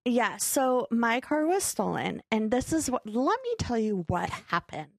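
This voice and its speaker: A young woman co-hosting a podcast tells a story in casual conversation, speaking at a measured pace in a higher voice with vocal fry. She's an animated storyteller who acts out people's quotes with laughter, and the studio recording is dry and clean.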